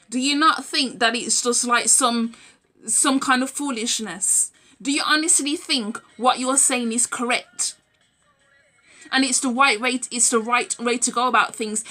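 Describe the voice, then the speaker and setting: Young adult woman vlogger, emphatic and heated, with a high, sharp voice. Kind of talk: direct-to-camera rant.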